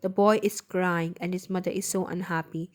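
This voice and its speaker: A woman reading the lines of a sorrowful young prince statue in a storybook, gentle and pleading. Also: lowish voice, flat delivery, moderate pace, natural voice.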